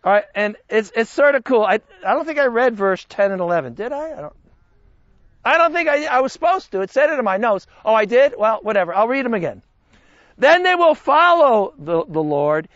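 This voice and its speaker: A man teaching a Bible study class in an animated, conversational way, joking with his listeners. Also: extremely high pitch, moderate pace, no room sound, muffled recording.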